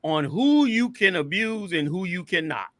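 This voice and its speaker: A man's voice: high voice, lively intonation, moderate pace, pushed and bright, dry recording. A man hosting an online show, giving heated, emphatic commentary over video clips and repeating his points like a preacher. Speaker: host.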